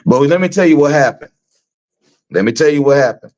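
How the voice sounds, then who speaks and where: Animated, profane Texan man on a live rant. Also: a little high, brisk, highs cut off. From Texas. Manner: animated, repetitive, preachy and profane. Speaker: host.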